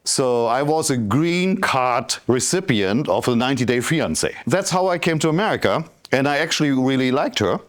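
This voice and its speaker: A man's voice: medium pitch, moderate pace, hardly any pauses. A man in his fifties from Germany with a German accent, giving a motivational talk as a business coach and telling his story straight to the audience. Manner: animated storytelling, addresses the audience directly.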